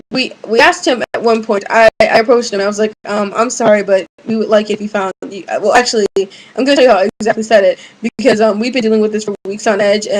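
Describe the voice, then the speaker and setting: A woman's voice: medium pitch, poor audio. A young woman, a college student, ranting casually to her webcam at home, rambling with many fillers and restarts. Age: young adult. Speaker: vlogger. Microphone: webcam mic.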